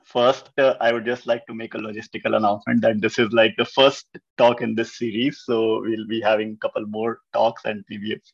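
A man hosting a gathering on a call, giving earnest closing thanks with many halting fillers. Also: on the low side, flat delivery, gravelly, breathy edge, muffled recording. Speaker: host of the gathering. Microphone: call audio.

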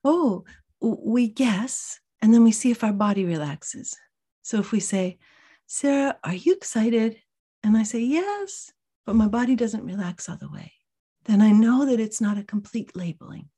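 A woman teaching a workshop, answering questions gently and reflectively, often dropping into a soft whisper. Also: a little high, moderate pace, slightly rough.

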